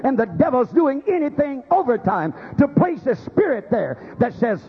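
A man's voice: extremely high pitch, sing-song, normal speed, slightly rough, muffled recording. A man preaching a sermon, acting out quoted voices as he goes. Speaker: pastor.

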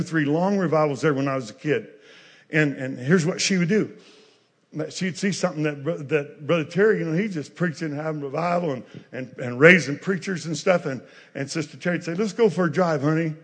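Preacher guy yelling then going soft, husky voice, bright edge, big echoey hall. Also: fairly high pitch. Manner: shouting preacher, swings to soft asides. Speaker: pastor. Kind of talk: storytelling sermon. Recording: hall reverb.

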